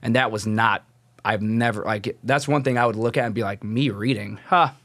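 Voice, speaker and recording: A man's voice: lowish voice, steady tone, fairly quick, fairly bright tone, no echo. A young man telling his personal faith story as a podcast guest, casual and rambling, full of "like" fillers and restarts. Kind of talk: casual testimony.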